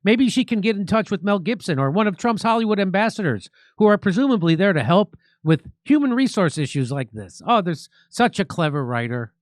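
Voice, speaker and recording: A man hosting a political commentary show, talking in a sarcastic, mocking, animated way. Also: high voice, a little fast, few pauses, no room sound, studio quality. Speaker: show host.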